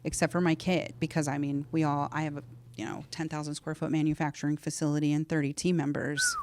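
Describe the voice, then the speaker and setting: Low-voiced woman telling stories animatedly. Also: fast talker. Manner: animated storyteller, acts out quoted dialogue. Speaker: podcast guest, parasite educator. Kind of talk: casual interview chat.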